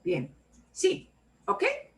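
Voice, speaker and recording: A woman teaching a beginner Spanish class, modeling words slowly and repeating them for students. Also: a bit bright, low-quality recording. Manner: slow, clearly modeled pronunciation with repetition drills.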